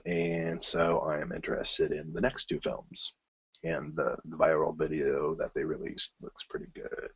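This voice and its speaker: A man hosting his own film news show, rambling casually with many fillers and restarts and bursts of excitement. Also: extremely low pitch, gravelly, breathy edge, no room sound, lo-fi sound.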